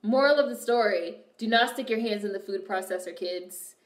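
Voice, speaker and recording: Young woman streaming, animated and sweary, mid pitch, kinda echoey room. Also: moderate pace. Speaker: streamer reacting to a movie and reading chat. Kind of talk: casual chat with viewers.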